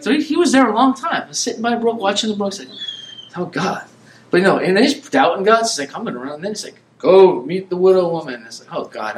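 A man preaching a casual sermon, retelling a Bible story in a rambling, conversational way and acting out the characters in quick asides. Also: high-pitched. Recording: echoey room.

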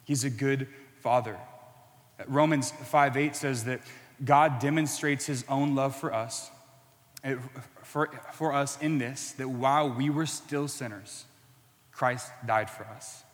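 A man's voice: medium pitch, steady tone, slow. Earnest preacher man in a reverberant hall. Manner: earnest, builds to impassioned emphasis. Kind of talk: sermon.

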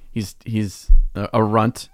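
Teasing low-voiced podcast host. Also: male voice, no room sound, studio quality. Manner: playful, teasing, laughs often. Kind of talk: casual podcast chat.

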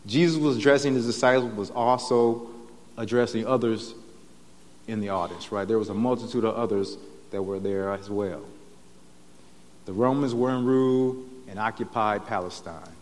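Male pastor, chatty sermon delivery, tags lines with "right?", long church reverb. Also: medium pitch. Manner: conversational preaching with frequent "right?" tags. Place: church sanctuary.

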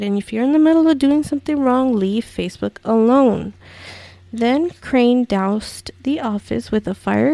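Gravelly-voiced woman reading a countdown. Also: on the high side, dark tone, no room sound. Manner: incredulous, swearing asides. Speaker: countdown video host. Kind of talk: reading a list with commentary.

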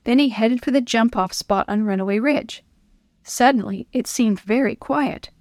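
Female storyteller, gentle scripted narration, higher voice, dry. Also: normal speed, dry recording.

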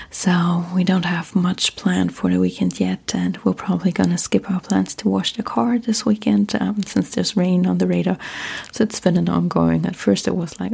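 Soft-whispering German-accented woman. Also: fairly low pitch, moderate pace, creaky, slightly rough. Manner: soft unvoiced whisper, relaxed and rambling. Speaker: vlogger. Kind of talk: whispered ASMR chat.

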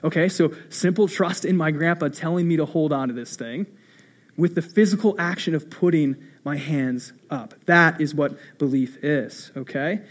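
A young man with a notably high voice preaches a sermon in a loose, conversational way. He circles back to the same key phrases and tells stories with self-deprecating humor. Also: normal speed. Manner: animated storytelling, repeating phrases. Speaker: pastor.

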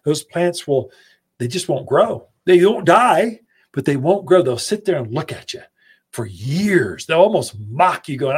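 Into a studio mic, a man hosting a gardening radio program offers homespun, conversational advice straight to his audience. His voice is fairly high and slightly rough, expressive and unhurried.

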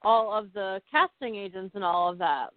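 A woman's voice: mid-range voice, moderate pace, dry recording. Chatty woman on a tinny line. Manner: relaxed and encouraging, with lots of "like" and "I mean". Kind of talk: casual conversation.

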